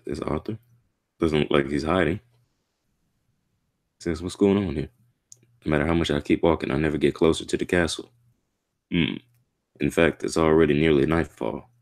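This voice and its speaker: A man reading a manga chapter aloud and reacting to it in a casual, slangy way, with excitable outbursts. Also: extremely low pitch, moderate pace, long pauses.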